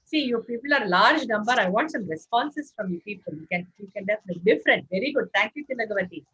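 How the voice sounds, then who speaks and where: A woman leads an interactive online workshop, animatedly coaxing participants to respond in the chat. Her voice is medium-pitched and slightly rough, her pace quick, and the video call audio is muffled and lo-fi.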